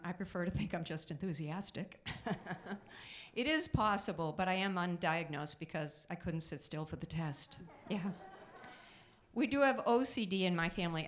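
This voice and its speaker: A middle-aged woman works a live theater crowd through a handheld stage mic. Her stand-up is chatty and self-mocking, with quick asides to the audience. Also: fairly low pitch. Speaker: stand-up comedian. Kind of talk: stand-up comedy set.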